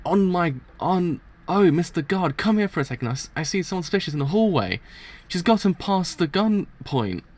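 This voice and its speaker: A man doing a squeaky, shrill voice for an erratic young woman inmate while reading a manga aloud. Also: animated, moderate pace. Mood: scheming.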